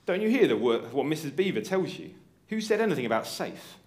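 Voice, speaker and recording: A man's voice: fairly high pitch, big pitch swings, brisk, darkish tone, a little hiss or hum. A man reading a stern male talking beaver's lines aloud from a storybook.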